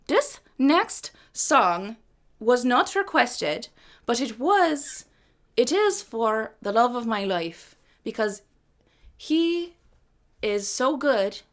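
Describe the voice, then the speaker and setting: Between songs on her live music stream, a singer-host chats casually in a slightly high, fairly bright voice. She rambles, curses freely and jokes at her own expense.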